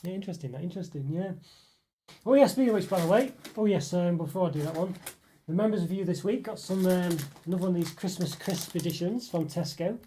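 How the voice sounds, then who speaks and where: A man's voice: high-pitched, fast, warm tone, slight background noise. A man hosting a live stream, reading viewer comments aloud and musing on them in a casual chat full of fillers. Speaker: livestream host reading chat.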